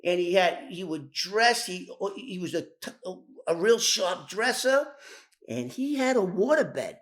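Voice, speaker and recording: A man tells his tale in a voice pitched a touch high. He talks loosely and profanely, wandering into asides and stumbling into restarts before picking the thread back up. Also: very animated, unhurried, a bit bright. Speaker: former informant telling his story. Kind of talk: casual storytelling.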